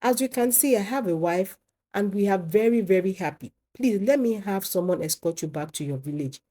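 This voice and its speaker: Storybook: a woman playing a patient husband, even and reassuring. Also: medium pitch, moderate pace, voice pushed up, close to an everyday voice. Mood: firm. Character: calm, reasonable husband and son, man.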